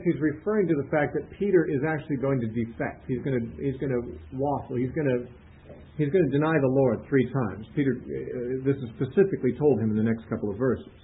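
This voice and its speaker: A man with a somewhat high voice teaches from the Bible, explaining verses step by step. He slows down to stress quoted lines. The recording is thin and tinny, like a phone line.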